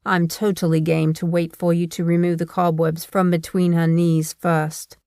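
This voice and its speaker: A woman's voice: on the low side, level tone, normal speed, a little mellow, no echo, studio quality, lightly acted. A woman reading as a blunt, crude young woman friend with no filter in an audiobook. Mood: teasing.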